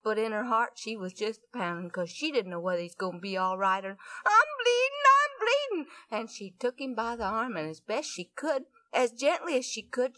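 A woman's voice: a little high, fairly bright tone, no echo. A woman telling a folksy story in a chatty way, with many asides to her listeners.

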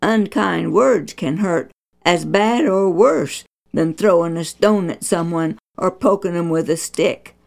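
A woman voicing a gentle but firm Christian mother who patiently teaches her son, with a low, slow, gravelly voice. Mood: teaching. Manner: patient, instructive, mildly scolding.

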